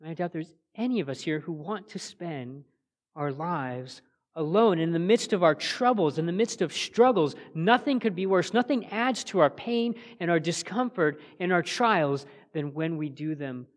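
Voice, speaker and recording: A man preaching a sermon as pastor, earnest, rising to emphatic peaks and then dropping soft. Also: fairly high pitch, animated, unhurried. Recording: long church reverb.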